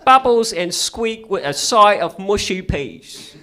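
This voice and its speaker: A man doing a mock British accent, drawling out food names slowly in an exaggerated way. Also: high-pitched, lively intonation, crowd noise, voice pushed up, exaggerated voice.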